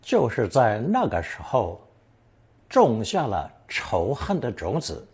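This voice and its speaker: Brief: man, lesson narrator, unhurried delivery, slightly husky tone, very lively melody. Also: mid-range voice. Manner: slow and deliberate, reading example sentences and translating them. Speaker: language teacher. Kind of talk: scripted language lesson narration.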